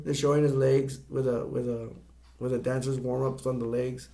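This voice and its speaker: A middle-aged man talks through a movie review in a loose, rambling way, with a rough, gravelly edge to his voice. His pitch sits in an ordinary middle range. He stumbles, pauses on fillers and circles back to restart his thoughts as he goes. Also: little pitch movement, warm tone.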